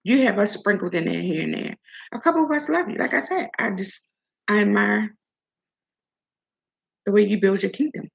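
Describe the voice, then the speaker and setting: A woman's voice: medium pitch, lively intonation, normal speed, creaky, pauses often, slightly rough. An older woman hosting an opinion commentary vlog, sassy and talking straight at the person she criticizes. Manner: sassy, talks straight at her subject. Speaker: host. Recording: dull lo-fi recording.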